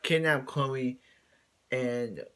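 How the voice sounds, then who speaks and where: A man's voice: medium pitch, drawn-out words, fairly bright tone, smooth. A man hosting a casual show review, recapping an episode in a rambling way with many repeats and restarts.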